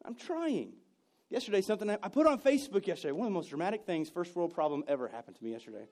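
A man preaching a sermon, telling personal stories and moving between loud bursts and hushed moments. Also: high voice, sing-song, racing. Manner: storytelling, swings from loud to hushed. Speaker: pastor.

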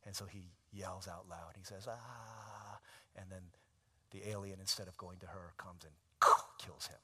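Bright-voiced man preaching a sermon. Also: sits low, flat delivery, normal speed, husky. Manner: conversational storytelling, swings from hushed to shouted. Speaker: pastor.

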